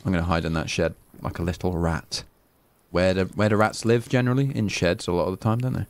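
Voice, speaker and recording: A man's voice: low voice, fairly even intonation, fast. A young English man streaming a survival game, chatting casually, swearing freely and thanking donors by name. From England. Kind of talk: live gameplay commentary.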